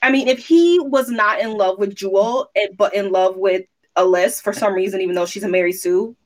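A woman's voice: medium pitch, brisk. A woman co-hosting a casual book review podcast, critical and explaining her view at length. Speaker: podcast co-host.

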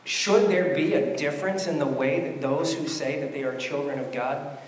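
A man's voice: fairly high pitch, moderate pace, slight background noise. Man preaching in an echoey hall. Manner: conversational preaching with rhetorical questions. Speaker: pastor. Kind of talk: sermon. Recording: echoey hall with long reverb.

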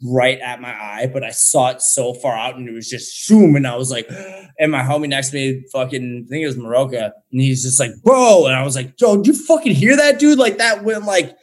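Young man, guest on a casual chat show, profane, animated storyteller, average pitch. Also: brisk.

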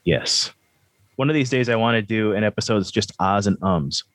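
A man's voice: on the low side, moderate pace, fairly bright tone, dry recording. A man hosting a podcast, chatting casually in a rambling, self-deprecating, joking way. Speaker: podcast host.

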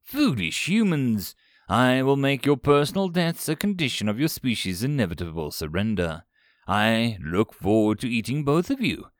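A man's voice: mid-range voice, fairly even intonation, normal speed, hardly any pauses, clean tone, dry recording, clean studio sound, lightly acted. A man voicing a menacing, pompous insectoid alien ambassador with a thick, wet voice.

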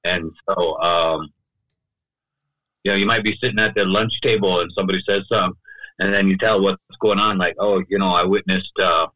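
Low, forceful male storyteller. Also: steady tone, a little fast, no echo, rough recording. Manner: loose and talky, fills with "you know" and "right?". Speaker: podcast guest. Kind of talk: personal storytelling in conversation. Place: podcast studio.

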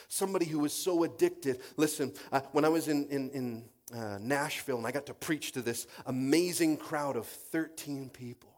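A man preaching a sermon in an animated storytelling way, acting out quoted voices and swinging from loud bursts to quiet passages. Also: medium pitch, fairly quick, hardly any pauses.

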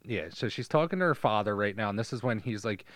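A man co-hosting a casual podcast, recapping a movie and laughing as he acts out lines in a high squeaky voice. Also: lively intonation, quick pace, no echo. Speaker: podcast co-host.

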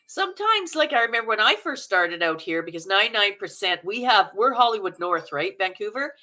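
A woman's voice: mid-range voice, big pitch swings, a little fast, sharp tone. A middle-aged woman with a Canadian accent, an actor and acting coach, chatting as a guest in a rambling way with frequent laughter. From Manitoba, Canada. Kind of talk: casual interview chat.

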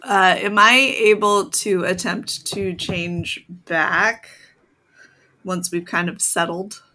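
A woman's voice: lowish voice, fairly even intonation, slow, pushed and bright. A woman playing a tabletop game, talking casually and hesitantly with many fillers. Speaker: player. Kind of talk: casual tabletop role-play.

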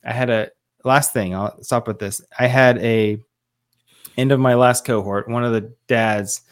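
A man's voice: medium pitch, fairly even intonation, measured pace, clear, resonant tone. A man in his forties speaking as a podcast guest, an earnest fatherhood coach who tells stories emotionally and acts out what others said. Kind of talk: casual interview storytelling.

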